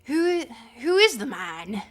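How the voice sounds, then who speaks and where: Woman reading as a probing old philosopher man, questioning, slightly high voice, live dialogue reading. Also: sing-song, slow pace, heavily acted. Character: older male Greek philosopher, inquisitive, probing.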